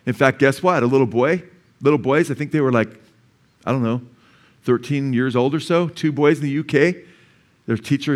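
A male pastor preaching a conversational sermon, full of asides and rhetorical questions. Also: mid-range voice.

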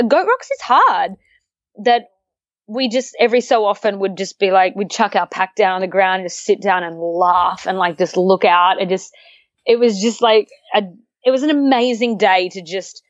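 A woman's voice: mid-range voice, dry recording, muffled recording. Laughing Australian woman telling stories. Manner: animated storyteller, laughs often, acts out quotes. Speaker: interview guest, long-distance hiker. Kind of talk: casual interview chat.

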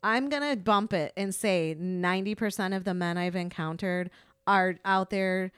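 Smooth-voiced ranting woman co-host. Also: medium pitch, moderate pace, dry recording, clean studio sound. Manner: animated, profane ranting. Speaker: podcast co-host. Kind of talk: casual chat.

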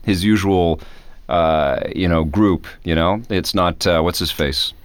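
Deep-voiced enthusiastic man chatting. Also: measured pace, no echo. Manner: enthusiastic, rambling with restarts. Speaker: podcast co-host. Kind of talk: casual chat.

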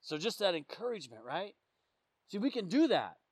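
High-voiced man preaching conversationally. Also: big pitch swings, normal speed, breathy edge, dry recording. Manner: conversational storytelling, often checking in with the listeners. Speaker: police officer sharing testimony. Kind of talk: informal sermon.

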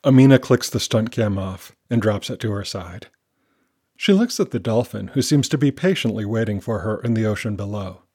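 A man narrating a children's adventure story in a calm, measured reading. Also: lowish voice, husky.

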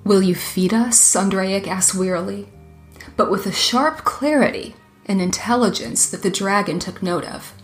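A woman narrating a fairy tale in an even, measured reading. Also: mid-range voice, soft background music. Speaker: storyteller.

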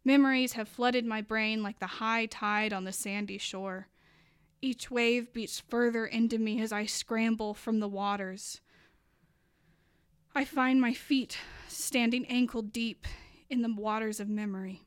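A young adult woman performing a spoken word poem, her delivery moving between hushed passages and impassioned, rising lines. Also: fairly high pitch, fairly even intonation, unhurried, clear, resonant tone, no echo, studio quality. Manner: dramatic, building from hushed to impassioned.

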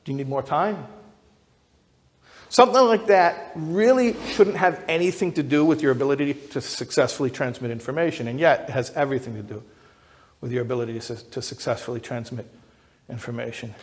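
A man who is an educator, giving a lecture that builds to emphatic high peaks, often repeating and restarting words as he thinks aloud. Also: fairly quick. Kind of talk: lecture to an audience. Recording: long hall reverb.

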